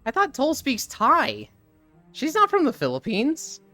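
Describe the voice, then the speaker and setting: A livestreamer chatting casually with viewers, with a very lively pitch that swings up and down. They act out stories, voice the quoted friends and drop in playful curses and laughs. Faint music plays underneath. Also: measured pace. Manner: animated storytelling, acting out quoted friends, laughs often; casual, swears, quips. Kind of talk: casual chat with stream viewers.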